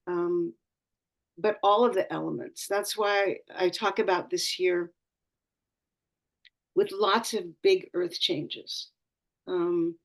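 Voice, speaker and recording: A woman speaking slowly and thoughtfully, her voice often dropping into a gravelly fry. She talks as an astrologer on a community call, earnest and spiritual, circling back and restarting her phrases as she searches for the right words. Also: lowish voice. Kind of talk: reflective talk on a community call.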